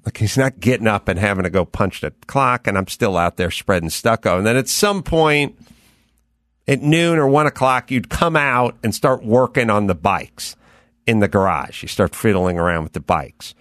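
A middle-aged man hosts a podcast on a close studio mic with no room sound, his voice fairly low, a bit bright, and moderately paced. In casual storytelling chat he rambles, pokes fun at himself, and quotes his own thoughts.

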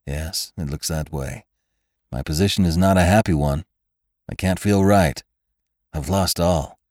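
Bitter young cowboy, read by a man, very deep voice, intense and clipped, dry. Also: unhurried, a little mellow, no echo.

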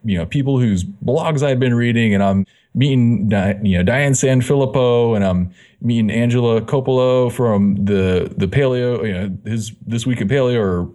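A man's voice: medium pitch, moderate pace, hardly any pauses. A man, a fitness magazine editor, telling his story as a guest in a casual interview, acting out the dialogue he quotes. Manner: animated, acts out quoted dialogue.

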